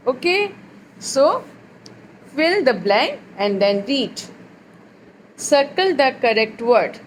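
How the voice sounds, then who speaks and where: A woman's voice: sits high, very animated, slow pace, pauses often, a little hiss or hum, low-quality recording. A woman teacher, leading a phonics lesson for young children and drawing out the letter sounds in a sing-song way.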